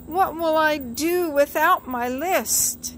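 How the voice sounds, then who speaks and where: A woman's voice: high voice, slow, a little hiss or hum, pitched above the performer's own voice. A woman voicing a fussy, anxious male toad from a storybook, wailing and fretful. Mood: distressed.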